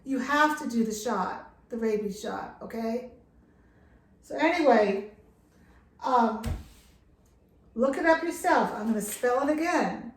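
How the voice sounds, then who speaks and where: A woman's voice: on the high side, expressive, a little slow, pauses often, roomy sound. Earnest, impassioned middle-aged woman. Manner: earnest and impassioned, stressing words. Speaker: dog care vlogger. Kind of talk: casual talk to camera. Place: lake house, indoors.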